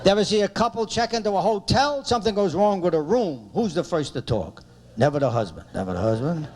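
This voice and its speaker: Comedian guy telling jokes, high voice, swoops all over. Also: fairly quick. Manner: animated storytelling, punchy setups. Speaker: stand-up comedian. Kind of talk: stand-up routine.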